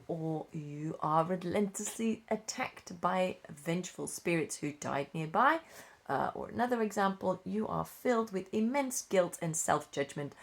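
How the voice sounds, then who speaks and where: A young woman casually reading tabletop game rules aloud, unhurried, with frequent fillers and self-corrections. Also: fairly low pitch, creaky. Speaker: rulebook reader.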